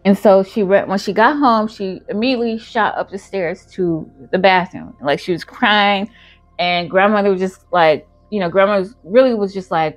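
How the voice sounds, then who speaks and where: A woman's voice: medium pitch, moderate pace, faint music behind. A woman telling a storytime in a casual, chatty way, full of fillers. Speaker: channel host.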